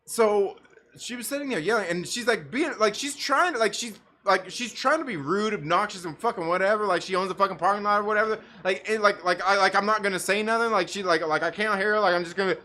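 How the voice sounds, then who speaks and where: A man hosting a live stream, telling a profane, animated story in a casual rant with bursts of laughter. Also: sits high, quick pace. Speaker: livestream host.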